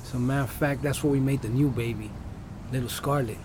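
Over a noisy background, a man talks quickly in a mid-range voice with fairly even intonation. He's a podcast guest casually telling his life story, rambling in profane street slang heavy on "like" and "you know."

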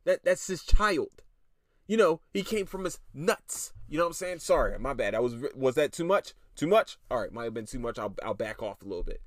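A man's voice: mid-range voice, expressive, dry recording, studio quality. A tired podcast host, a man, ranting casually with lots of swearing and stammered restarts. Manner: irritated, profane, rapid restarts and stammers.

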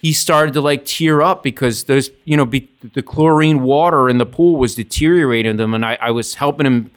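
A man's voice: brisk, clean tone. A man in casual podcast talk, telling stories in a loose, swearing style. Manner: animated, swearing, acts out voices with big pitch jumps. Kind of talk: casual storytelling chat.

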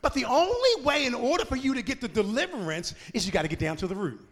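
High-voiced pastor preaching in a reverberant church. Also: male voice, very animated, fast. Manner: preaching with rising shouts and sung cadences, then quiet conversational asides. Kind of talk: sermon. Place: church sanctuary.

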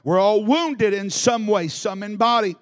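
High-voiced preacher building to shouts. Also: male voice, unhurried. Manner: builds from quiet teaching to shouted exhortation. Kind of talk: live sermon. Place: church in Alabama.

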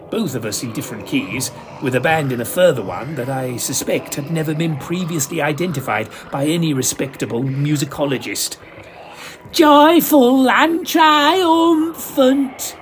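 A man's voice: medium pitch, noisy background. Theatrical male storyteller. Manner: theatrical and camp. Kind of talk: comic mystery narration.

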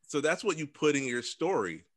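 A man's voice: fairly high pitch, very animated, fairly quick. A laid-back man in his thirties in a casual podcast chat, laughing easily and mimicking others. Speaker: podcast co-host.

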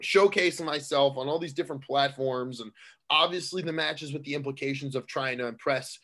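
Excitable rambling male wrestler. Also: mid-range voice, moderate pace. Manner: excitable, rambling with many restarts. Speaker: professional wrestler, guest. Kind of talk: casual interview chat.

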